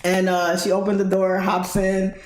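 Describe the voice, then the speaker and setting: A woman's voice: mid-range voice, completely flat delivery, moderate pace, darkish tone. Chatty lady telling a story on her stream, laughs a lot, echoey room. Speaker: trading livestream host. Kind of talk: casual storytelling. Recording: roomy echo.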